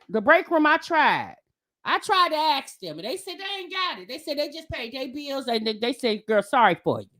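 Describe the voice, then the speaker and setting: Very high bright-voiced woman teasing. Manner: animated and teasing, often laughing and repeating words. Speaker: livestream host reacting to a clip. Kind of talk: casual livestream commentary.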